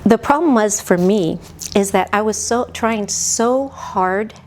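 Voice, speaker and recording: A woman in her sixties, a podcast guest, telling her own story in a halting, heartfelt way that often drops toward a whisper. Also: mid-range voice, a little hiss or hum. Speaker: podcast guest, mother of the hosts. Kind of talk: reflective personal storytelling.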